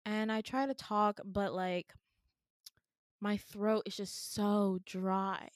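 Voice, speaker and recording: A woman's voice: medium pitch, little pitch movement, slow pace, no room sound, clean studio sound. A young woman co-hosting a podcast, casually telling a dream in a rambling way, full of fillers. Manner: rambling with many fillers and laughs. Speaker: podcast co-host.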